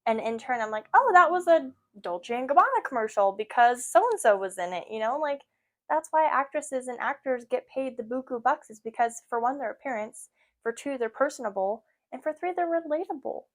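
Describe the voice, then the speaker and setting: A woman's voice: sits high, expressive, fairly quick. Earnest, emotional woman talking about faith. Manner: emotional, earnest, chatty with fillers. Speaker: podcast host. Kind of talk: casual faith talk.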